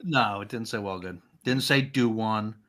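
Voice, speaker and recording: A man's voice: fairly low pitch, measured pace, a bit bright. A man chatting casually as a guest, telling stories animatedly and laughing easily. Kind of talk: casual chat.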